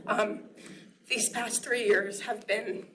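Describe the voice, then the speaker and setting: A woman's voice: medium pitch, steady tone, slow, bright, forceful tone. A young woman in student government giving a heartfelt, tearful farewell speech at a meeting, laughing between lines. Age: young adult. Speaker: student government vice president. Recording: noisy room recording.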